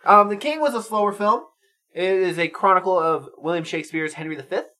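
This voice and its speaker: A man co-hosting a podcast, chatting casually about movies, animated and swearing freely as he retells scenes. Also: high-pitched, brisk. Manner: animated, swears freely, acts out quotes in silly voices. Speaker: podcast co-host. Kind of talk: casual movie review chat.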